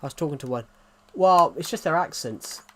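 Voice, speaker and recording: His voice is a little high and his delivery brisk as this British man streams live. The chat is casual and opinionated, rambling along with frequent restarts.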